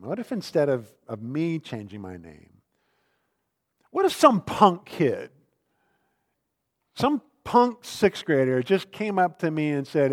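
A man in his fifties delivers a sermon, his voice sitting a little higher than most men's. He moves between reading scripture and telling casual, self-deprecating stories. The long reverb of a large hall trails after his words. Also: very animated, unhurried, long pauses. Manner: conversational storytelling, self-deprecating humor. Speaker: pastor.

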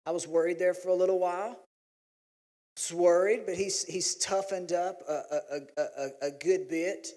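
A man, preaching a sermon in a folksy, animated way. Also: normal speed. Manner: folksy, animated storytelling, pitch jumps when acting out his family. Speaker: pastor. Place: church sanctuary. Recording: long hall reverb.

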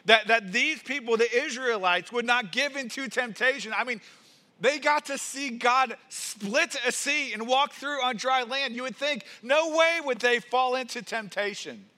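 A man's voice: very high voice, unhurried, bright, forceful tone. A man preaching a sermon in an earnest style, stressing points and often repeating words as he builds emphasis. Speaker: pastor.

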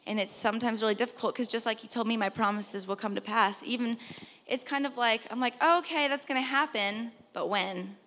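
A woman preaching a sermon in a church hall, talking conversationally, asking rhetorical questions and dropping at times to a soft hush. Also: a little high, steady tone, quick pace. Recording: long reverb of a hall.

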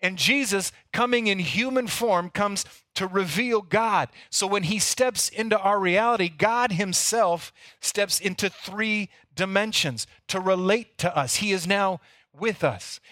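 Man, pastor, sermon, bright sharp tone, dry sound, earnest, repeats words. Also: high voice, a little slow, no echo.

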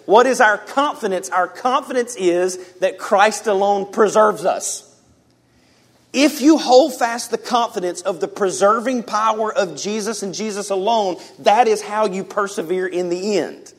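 Male pastor, fairly high voice, animated sermon delivery, casual and direct with the congregation. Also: unhurried. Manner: animated preaching, big swings in pitch and loudness; addresses the congregation casually as guys.

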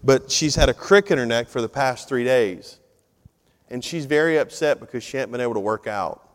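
A middle-aged man, preaching a sermon and telling stories in a lively, conversational way. His voice sits at an ordinary pitch for a man. The sound carries a long reverb, as if recorded in a large church sanctuary. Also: moderate pace. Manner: conversational, animated storytelling. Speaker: pastor.

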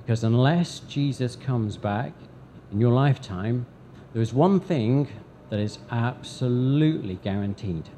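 Slow, dark-voiced male preacher. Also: medium pitch, a little hiss or hum. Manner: deliberate, with dramatic pauses and emphatic swells. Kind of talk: sermon. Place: church service before a congregation.

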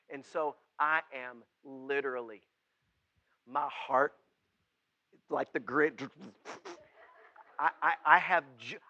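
A man preaching a sermon as pastor, folksy and plain-spoken, swinging from loud preaching to quiet, intimate asides. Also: on the high side, dry recording, muffled recording. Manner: folksy and plain-spoken, with southern-style words.

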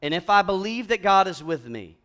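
A man preaching a conversational sermon, moving from hushed, slow passages to loud, emphatic ones. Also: sits high, very animated. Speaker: pastor.

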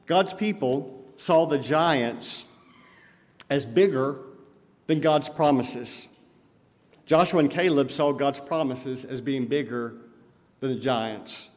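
A man's voice: medium pitch, takes it slowly, long pauses, darkish tone. A male pastor preaching a sermon earnestly, with emphatic rises when quoting scripture. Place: church sanctuary. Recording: long reverb of a church hall.

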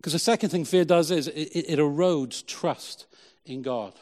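A middle-aged man, a pastor, preaching a sermon with emphatic, slow, repeated phrases. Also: fairly high pitch, a little mellow, long reverb tail.

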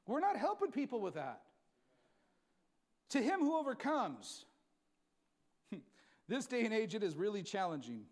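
A man preaching a sermon as pastor, folksy and emphatic, dropping low and quiet, then rising loud. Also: big pitch swings, unhurried, pauses often.

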